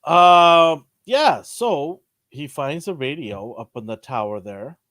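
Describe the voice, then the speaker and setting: A man's voice: on the high side, lively intonation, slow pace, a bit bright, no echo, studio quality. A man co-hosting a podcast in casual chat, laid-back and slangy, chuckling often. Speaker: podcast co-host.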